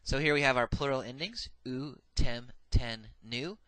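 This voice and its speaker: A man's voice: mid-range voice, measured pace, fairly bright tone, dry recording. A man giving a recorded grammar lecture, methodical and patient, saying each form twice with frequent "uh" fillers. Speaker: Hebrew grammar teacher.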